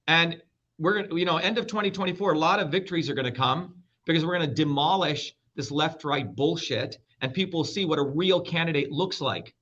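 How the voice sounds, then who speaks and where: A middle-aged man argues as an interview guest, blunt and profane, cutting across his host. His voice is bright and forceful and sits a little high. The sound is dull and lo-fi. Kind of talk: heated interview talk.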